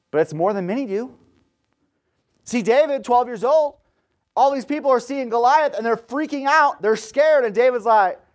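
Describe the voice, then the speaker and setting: A man in his thirties preaching a sermon, telling stories in a conversational way and retelling scripture in casual slang. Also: very high-pitched. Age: 30s.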